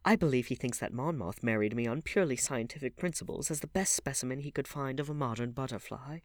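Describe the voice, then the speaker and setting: A man's voice: medium pitch, fast talker, dry recording, voice pushed up, lightly acted. A man voicing a witty, teasing aristocratic young duchess in an audiobook, with a playful, bantering manner.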